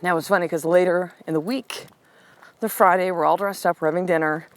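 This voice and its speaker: A coach who hosts a podcast, this middle-aged woman speaks at a fairly low pitch. Her personal story comes across frank and energetic, shifting to a soft, slow delivery for soothing affirmations, and the recording quality is low.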